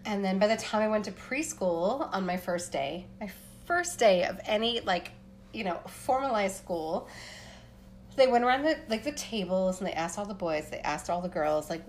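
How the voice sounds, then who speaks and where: Animated woman telling a story. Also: mid-range voice, moderate pace, slight background noise. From Appalachian Pennsylvania. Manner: animated, frequent "like" fillers, acts out voices. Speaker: podcast co-host. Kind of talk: casual storytelling chat.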